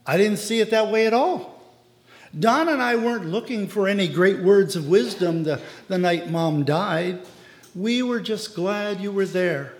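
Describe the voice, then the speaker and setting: A man voicing a grieving woman who sincerely thanks her pastor, speaking softly and earnestly in a reverberant hall. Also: mid-range voice, unhurried, a little hiss or hum, close to an everyday voice. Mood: earnest, grateful.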